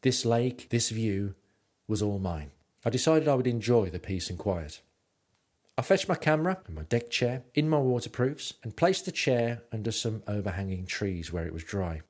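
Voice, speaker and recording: A man's voice: on the low side, animated, normal speed, darkish tone. A man narrating his travel stories in a rambling, self-mocking way with lots of ums. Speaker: podcast host and narrator.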